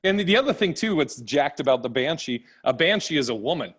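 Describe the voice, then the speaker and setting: A man's voice: a little high, big pitch swings, fast, a bit bright, breathy edge. A middle-aged man chatting on a podcast, rambling through childhood stories and laughing often. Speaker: podcast host. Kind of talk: casual podcast chat.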